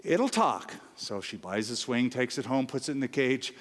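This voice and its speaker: A man's voice: mid-range voice, moderate pace, in a large hall. A male pastor preaching a sermon, telling a funny story and acting out its characters. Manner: storytelling, voices the characters in a joke.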